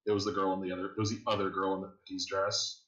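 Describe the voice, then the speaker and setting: A man's voice: low-pitched, level tone, very fast, fairly bright tone, muffled recording. A man narrating a tabletop game as game master, casual and full of fillers. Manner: casual, filler-heavy storytelling. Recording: echoey room.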